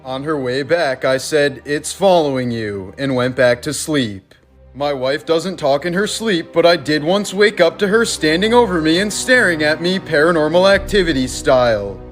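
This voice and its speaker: A man reading creepy stories for a short video compilation in an even, measured way. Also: fairly high pitch, faint music behind. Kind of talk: narrating a compilation clip.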